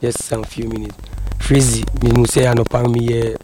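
A man, a boxer speaking as a guest in a radio interview, in halting, repetitive speech. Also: medium pitch, flat delivery. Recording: noisy recording.

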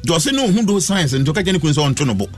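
A man's voice: a little high, big pitch swings, racing, soft background music. A man with a Ghanaian accent telling stories on a radio talk show, mixing Twi and English animatedly. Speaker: astrologer guest.

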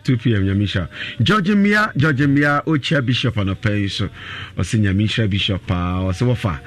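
A man hosting a morning call-in radio show, briskly reading out phone numbers, greetings and blessings to callers. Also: fairly low pitch. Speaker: radio host taking callers.

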